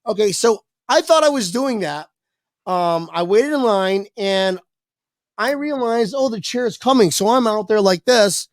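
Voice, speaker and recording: A man telling a long anecdote as a podcast guest, lively and profane, acting out the voices of people in it. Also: high-pitched, a little slow, no echo. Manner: animated, swearing, acts out quoted voices. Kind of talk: casual storytelling on a podcast.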